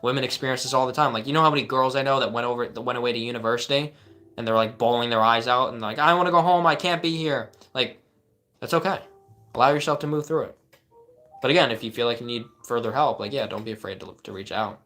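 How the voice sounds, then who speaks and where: A man's voice: medium pitch, fast talker, bright, forceful tone. A man working as a life coach, talking casually and earnestly on a live advice stream as he answers chat questions, often saying "like" and restarting his sentences.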